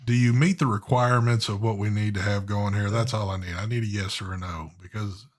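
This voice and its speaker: A man's voice: lowish voice, fairly even intonation, fairly quick. A man hosting a live online show in casual chat, talking in an easygoing, drawling way with frequent fillers. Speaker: host of a live vape show.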